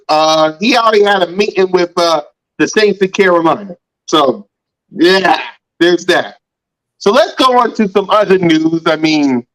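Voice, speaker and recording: A man's voice: high voice, fairly bright tone, low-quality recording. A man hosting a casual sports podcast, laid-back and repeating his catchphrases. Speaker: podcast host.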